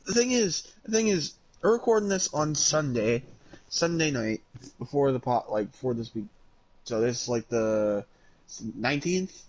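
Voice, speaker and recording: A man's voice: medium pitch, expressive, normal speed, a little mellow, low-quality recording. A man co-hosting a podcast in casual chat, grumbling with frustration, swearing and laughing. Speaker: podcast co-host.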